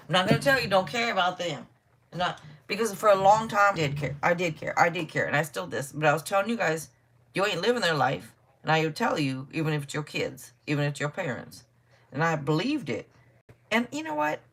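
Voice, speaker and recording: A middle-aged woman chats her way through a live tarot reading, blunt and unfiltered with plenty of laughter. Her voice sits a little low, but her pitch swings widely as she talks. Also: fairly bright tone. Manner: chatty, blunt, swears freely, laughs often. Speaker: tarot reader. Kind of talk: casual live-stream reading chat.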